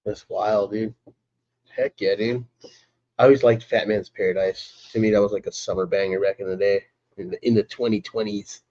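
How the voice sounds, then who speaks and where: A relaxed man chats on his live stream, greeting viewers by name and laughing easily. His voice sits a little low and sounds warm and mellow. The stream audio is muffled and lo-fi. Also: moderate pace. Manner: laid-back, chatty, greets viewers by name, laughs often. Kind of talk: casual live stream chat.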